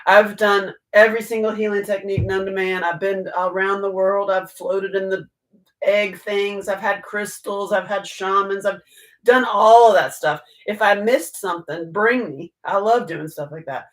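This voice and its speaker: A woman hosting a casual live talk, her voice pitched in a middle register. She jokes her way through it, bursting into sudden loud, high exclamations, and she keeps restarting her sentences and filling gaps with "like.". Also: measured pace, rough recording. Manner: animated, joking, many restarts and fillers. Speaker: host.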